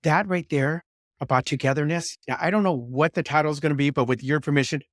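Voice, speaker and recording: A man hosting a podcast, asking reflective questions in a measured way. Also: on the high side, no room sound, studio quality. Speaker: podcast host. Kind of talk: interviewing.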